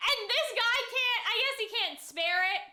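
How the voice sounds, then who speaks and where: A young woman chatting casually while reacting to a cartoon episode, excitable and squealing over cute animals. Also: very high-pitched, normal speed. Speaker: reaction streamer.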